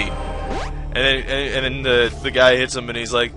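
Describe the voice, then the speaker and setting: A man's voice: medium pitch, a little slow, music in the background. A young American man giving rambling, self-deprecating gameplay commentary, swearing freely as he plays. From United States.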